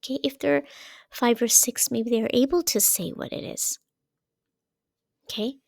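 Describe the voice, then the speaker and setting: A woman giving parenting advice as a coach, in a calm coaching delivery that keeps checking in with "okay?". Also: fairly high pitch, unhurried, vocal fry, no room sound. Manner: checks in often with "okay?" and "right?". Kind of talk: explaining parenting advice to camera.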